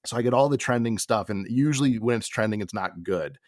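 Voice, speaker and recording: A man's voice: fairly low pitch, brisk, no echo. Laid-back male podcast host, dry sound. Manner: relaxed, chuckling, reads recap notes. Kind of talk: casual podcast chat and episode recap.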